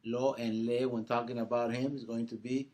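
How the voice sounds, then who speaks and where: A man's voice: medium pitch, little pitch movement, normal speed, a little mellow. A man teaching a Spanish grammar class, patiently explaining, quizzing his students and often checking in with "right?".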